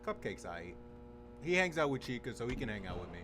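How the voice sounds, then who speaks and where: A man's voice: mid-range voice, big pitch swings, a little fast, background noise. Foul-mouthed young man reacting. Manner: swears freely, yells at the screen. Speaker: reaction video host. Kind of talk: profane comedic reaction commentary.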